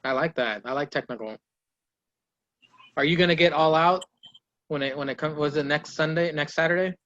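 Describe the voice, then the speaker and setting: A man's voice: fairly high pitch, normal speed, a bit bright. Man recapping wrestling on a lo-fi podcast. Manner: loose, swearing play-by-play recap with impressions of wrestlers. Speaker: podcast host.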